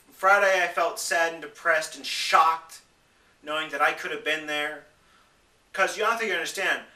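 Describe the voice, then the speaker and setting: A young man ranting to camera in an upset, emotional way, sometimes mocking other people in high voices. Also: pushed and bright, echoey room, distant mic. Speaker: vlogger. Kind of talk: upset personal rant to camera.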